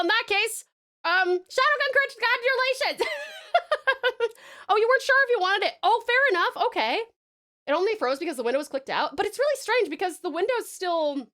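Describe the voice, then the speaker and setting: A woman's voice: sits high, a bit bright. A woman with an Australian accent, streaming live, chatting casually and giggling, calling her viewers pet names. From Tasmania, Australia. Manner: bubbly, giggly, showers chat with pet names.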